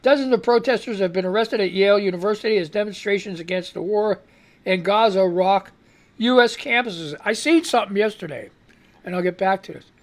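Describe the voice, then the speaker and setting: A man's voice: sits high, fairly quick. A man runs a live radio news show, reading headlines off the screen. He keeps drifting into rambling commentary and exasperated outbursts, and he sounds like he is fighting back a cough. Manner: rambling, reads headlines aloud and reacts with outbursts.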